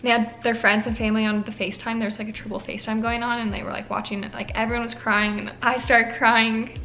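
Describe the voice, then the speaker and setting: A young woman with a slightly high voice shares a personal story in a casual vlog. She talks in a chatty way, full of fillers. Her voice cracks now and then with emotion. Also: flat delivery, quick pace, bright, forceful tone, faint music behind. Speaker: nursing student.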